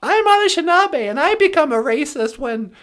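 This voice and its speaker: A woman's voice: high-pitched, big pitch swings, moderate pace. A woman delivering a comedic rant in a sarcastic, mocking way, laughing often. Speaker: comedic commentator.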